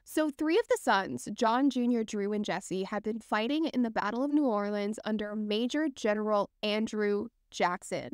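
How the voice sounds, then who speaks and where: A young adult woman hosting a podcast, retelling a spooky legend in an animated, chatty way. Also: mid-range voice, normal speed, hardly any pauses, smooth, no room sound, clean studio sound. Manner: lively, animated retelling with quoted voices. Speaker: podcast host telling the story. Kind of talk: casual storytelling chat.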